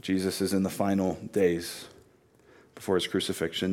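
A man preaching a sermon in an earnest, conversational way, dropping to a hush and then rising to loud, emphatic peaks. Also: fairly low pitch, brisk. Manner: swings from hushed, quiet delivery to loud, near-shouted emphasis. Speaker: pastor.

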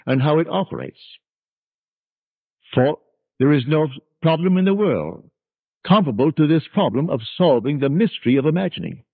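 An older-sounding lecture recording of a man preaching with earnest emphasis. His pitch swings widely from high to low. The tape is tinny and dry, with a husky edge to the voice. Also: no echo. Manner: earnest, emphatic, rising and falling delivery. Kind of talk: spiritual lecture.

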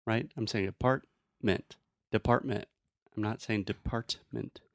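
A man teaching English pronunciation in a relaxed, friendly chat, often demonstrating sounds. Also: on the low side, a little slow, dry recording, clean studio sound.

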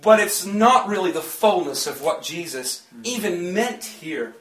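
A man's voice: high voice, lively intonation, a little slow, a bit bright. A man preaching a sermon in a chatty way, often laughing and joking with the congregation in a church. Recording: echoey church from a distant mic.

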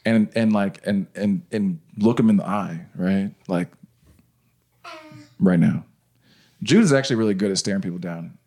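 A man's voice: sits low, normal speed, long pauses, a little mellow. A man co-hosting a casual parenting podcast, chatty, laughing often and restarting his sentences. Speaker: podcast co-host. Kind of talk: casual chat.

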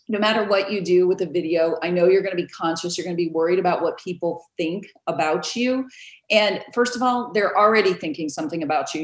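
A woman realtor telling stories in a casual interview, animated and quick to laugh, acting out the voices of others. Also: fairly low pitch. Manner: animated storyteller, acts out quoted voices, laughs often. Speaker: realtor guest. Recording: roomy echo.

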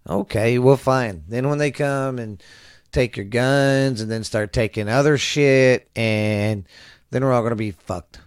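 A man's voice: mid-range voice, a little slow, smooth, dry recording, studio quality. A middle-aged man hosting a casual podcast from home, rambling and ranting with frequent swearing and stammers. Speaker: podcast host. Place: home at night.

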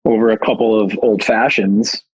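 Husky-voiced man. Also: on the low side, normal speed, dull audio. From Chicago. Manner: animated, candid, self-deprecating. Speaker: guest, company founder. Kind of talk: casual storytelling.

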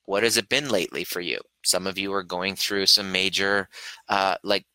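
A man's voice: low-pitched, moderate pace, bright, forceful tone, clear, resonant tone, dry recording, low-quality recording. A man hosting a live Q&A, earnestly coaching viewers and acting out his own inner voice. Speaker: host, breathwork and trigger coach. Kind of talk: live-streamed Q&A teaching.

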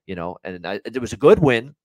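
A man's voice: mid-range voice, sing-song, a little fast, darkish tone, no room sound. A man co-hosting a sports betting podcast, ranting in heated, casual talk and swearing freely.

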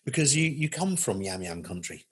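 A man's voice: mid-range voice, big pitch swings, fairly quick, slightly rough. A man co-hosting a podcast, chatting casually in a jokey, playful, mock-grand way. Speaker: podcast co-host. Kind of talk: casual chat.

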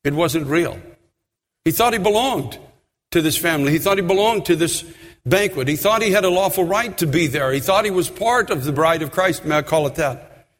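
A man preaching a sermon in a church, impassioned, repeating his questions and building up to shouts. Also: fairly high pitch, expressive, moderate pace. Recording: long reverb of a large hall.

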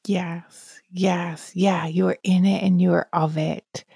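A woman's voice: lowish voice, level tone, normal speed, creaky, slightly rough, dry recording, studio quality. A woman hosting a podcast interview, affirming her guest often and asking open questions. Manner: affirming, frequent soft agreement. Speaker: podcast host. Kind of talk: casual interview.

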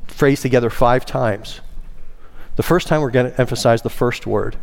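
A man's voice: moderate pace, creaky. A man preaching in a church, stressing key words and leading the congregation in reciting together. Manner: emphatic, rising in pitch on key words; leads the congregation in call-and-response. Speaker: pastor. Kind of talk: sermon. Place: church sanctuary.

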